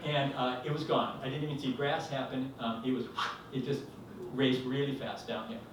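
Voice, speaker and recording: Speaking at a moderate pace with a medium-pitched voice, a man tells a rambling personal story at an indoor live storytelling event, animatedly performing the voices in it. The mic sits far off in an echoey hall, and background noise can be heard.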